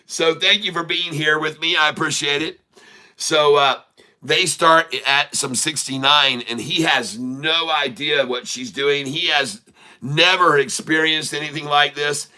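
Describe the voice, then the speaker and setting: A man's voice: on the high side, fairly even intonation, a little slow, pushed and bright, clean tone. A man hosting a day-trading livestream, rambling casually, repeating words and laughing often as he tells a joke.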